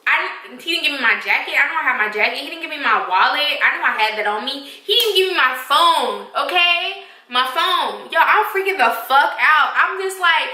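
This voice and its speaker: A young woman vlogger telling a storytime tale in a lively, profane, emphatic way. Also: high voice, fairly quick, few pauses, echoey room, recorded from a distance, poor audio. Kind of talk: storytime vlog.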